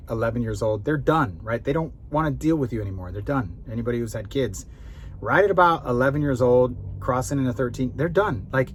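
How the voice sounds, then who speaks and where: Animated, self-mocking male sales coach. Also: mid-range voice, a little hiss or hum. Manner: animated, self-mocking storyteller acting out quotes. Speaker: real estate sales trainer and coach. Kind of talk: casual storytelling lesson.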